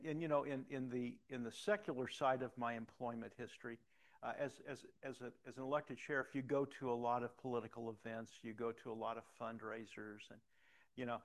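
A middle-aged man preaching a sermon, telling personal stories with many restarts and rising to emphatic calls to the congregation. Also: mid-range voice. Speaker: pastor.

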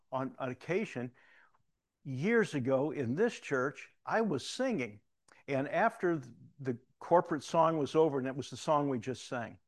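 A man in his sixties with a Southern-tinged Missouri accent, giving a folksy, anecdotal talk from the front of a church. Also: fairly high pitch. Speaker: church leader.

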